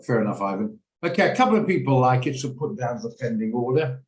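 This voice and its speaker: A man's voice: mid-range voice, expressive, fast, roomy sound, low-quality recording. A man hosting a live trading lesson on a video call, explaining his orders and checking in with attendees by name. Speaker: trading room host. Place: home office on a video call.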